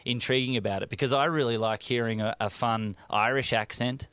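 A man's voice: medium pitch, fairly even intonation, a little fast, fairly bright tone, clear, resonant tone, no echo. Joking Australian man, dry studio sound. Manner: jokey, self-mocking storyteller. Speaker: comedian guest. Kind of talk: casual interview chat. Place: radio studio.

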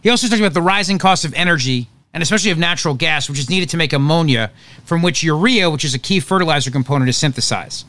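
A man's voice: on the high side, lively intonation, quick pace, bright, forceful tone, no room sound. A man hosting a talk show, giving opinionated political commentary in an emphatic, sarcastic way.

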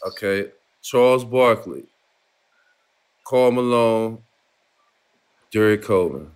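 A man co-hosting a podcast, easygoing and slangy, quick to chime in and agree. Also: on the low side, clear, resonant tone. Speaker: podcast co-host. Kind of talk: casual interview chat.

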